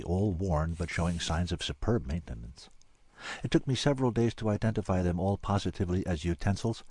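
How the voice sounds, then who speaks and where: A man narrating a science fiction story in a measured, wry way. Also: fairly low pitch, a little mellow, husky, no room sound. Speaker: audiobook narrator. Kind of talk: scripted narration.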